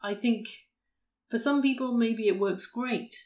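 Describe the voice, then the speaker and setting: A woman's voice: a little high, unhurried, darkish tone. A woman, co-hosting a casual podcast chat and explaining a routine step by step. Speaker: podcast co-host.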